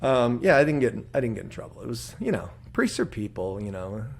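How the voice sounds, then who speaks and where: A Catholic church musician telling funny stories in casual podcast chat, animated and often laughing. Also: male voice, medium pitch, fairly quick, creaky.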